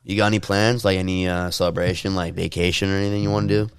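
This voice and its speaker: A young man in casual podcast chat, telling animated stories and shouting the quoted lines in high voices. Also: fast, smooth, dry recording. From California. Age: young adult. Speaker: podcast co-host.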